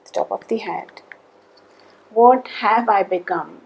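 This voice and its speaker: Slow, breathy woman guiding tapping. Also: mid-range voice, rough recording. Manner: slow, measured calls of tapping points between spoken statements. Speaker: EFT tapping guide. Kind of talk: guided tapping session.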